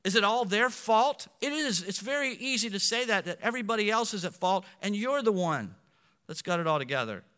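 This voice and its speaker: Pastor, male, high and bright voice, lively sermon that swings from loud to hushed, in a hall with long reverb. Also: fairly quick, clean tone.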